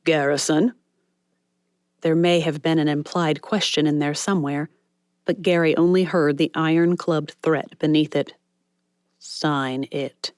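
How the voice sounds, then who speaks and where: A woman reading a novel aloud as audiobook narrator, in measured storytelling narration. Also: low-pitched, fairly even intonation, a little mellow, clean tone, dry recording, clean studio sound. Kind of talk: scripted narration.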